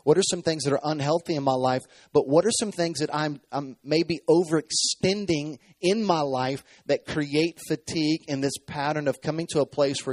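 A man's voice: fairly high pitch, fairly quick, few pauses, darkish tone, dry recording. Thirties male preacher, storytelling sermon with acted-out quotes, dry recording. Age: 30s. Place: stage.

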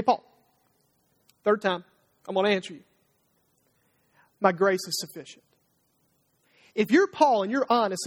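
A male pastor preaching a conversational sermon. He acts out prayers and God's answers in a lively, talkative way. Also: sits high. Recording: long reverb of a large hall.

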